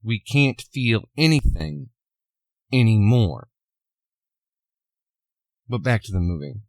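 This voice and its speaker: A man's voice: medium pitch, lively intonation, takes it slowly, creaky, dry recording, studio quality. A man giving an opinion monologue, retelling a film scene in a preachy, sarcastic way. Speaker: commentator.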